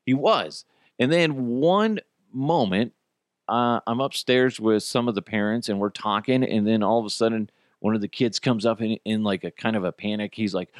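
A low-pitched man in his thirties, recorded close with almost no room sound. He talks casually as a podcast host, swears freely and throws his voice into the quotes in his stories. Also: moderate pace, dry recording. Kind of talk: casual storytelling chat.

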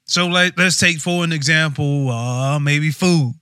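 A man co-hosting a casual chat, measured and dryly teasing. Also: fairly high pitch, pushed and bright, smooth, no room sound, studio quality. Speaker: co-host.

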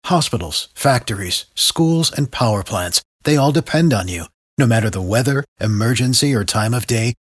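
A man's voice: medium pitch, no room sound, studio quality. Earnest male ad announcer. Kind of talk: scripted commercial read.

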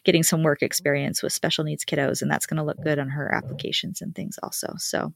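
Low-voiced woman chatting earnestly. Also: steady tone, fast talker, gravelly, no echo, clean studio sound. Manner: chatty, earnest, many restarts and self-corrections. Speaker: podcast co-host, parent. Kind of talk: casual chat.

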